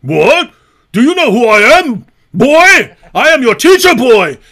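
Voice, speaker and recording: A man voicing a boastful, dim-witted male brawler who shouts threats in broken grammar. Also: extremely high pitch, sing-song, a little slow, pitched above the performer's own voice, full character voice. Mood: boastful threatening.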